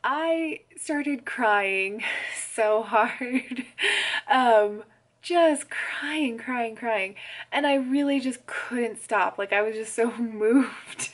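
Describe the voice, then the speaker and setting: A young woman telling a story in a casual vlog, chatty and quick to laugh, full of "like" fillers. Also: a little high. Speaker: pregnancy vlogger.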